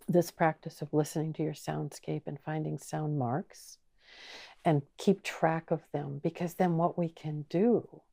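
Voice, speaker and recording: A woman teaching an online course, speaking slowly and gently and asking the listener many inviting questions. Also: low voice, vocal fry. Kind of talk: guided teaching talk.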